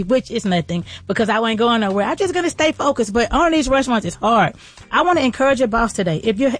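A woman hosting a motivational, faith-based talk show, speaking in a casual, folksy, preacher-like way. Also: medium pitch. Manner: fervent, preacher-like encouragement. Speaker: podcast host and entrepreneur.

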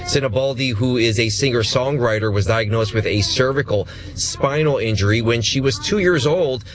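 A man reading a scripted news report in an even, measured newsreader manner. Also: mid-range voice.

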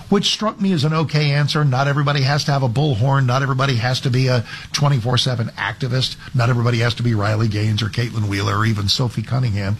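A man's voice: medium pitch, fast, slight background noise. A man hosting a talk radio show, giving an opinionated monologue in a conversational way with frequent restarts. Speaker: talk radio fill-in host.

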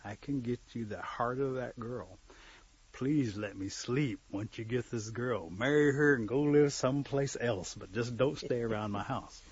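A man voicing a grumpy, sleepy little magic mole in a husky voice, on a dull lo-fi recording. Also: mid-range voice, measured pace. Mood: bargaining. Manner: grumbling, impatient.

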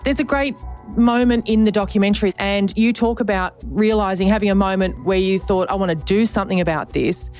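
A woman's voice: mid-range voice, brisk, a little mellow, faint music behind. A woman interviewing a guest, asking frank, probing questions. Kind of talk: conversational interview.

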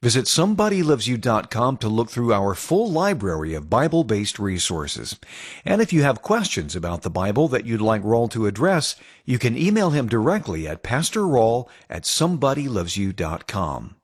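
A man reading a scripted radio announcement in a measured, promotional way. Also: mid-range voice, big pitch swings, husky, no room sound, clean studio sound.

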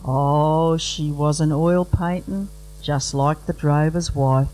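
Unhurried Aussie bush poet, dry comic verse, heavy slang. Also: male voice, fairly high pitch, fairly even intonation, darkish tone, poor audio. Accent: Australian. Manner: dry, rhythmic storytelling with broad slang. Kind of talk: comic bush poetry recital.

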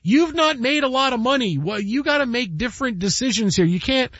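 A man with a high, husky voice delivers opinionated sports commentary, stammering on repeated words and pressing rhetorical questions. The sound is dry and dull, like a lo-fi recording. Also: expressive, brisk, a bit bright, dry recording. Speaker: sports talk show host.

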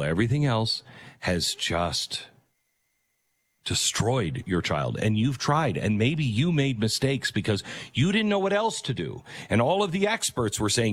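A man's voice: mid-range voice, a bit bright. Impassioned man delivering an opinion monologue. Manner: impassioned, emphatic, rhetorical. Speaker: commentator.

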